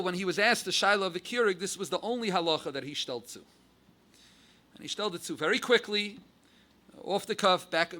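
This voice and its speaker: American rabbi, Yiddish-laced lecture, sharp, keen voice, lively build-ups. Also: male voice, high-pitched. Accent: American English with Yiddish and Hebrew terms. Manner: animated, rising emphasis on key words. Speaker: rabbi giving a Torah class. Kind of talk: halacha lecture.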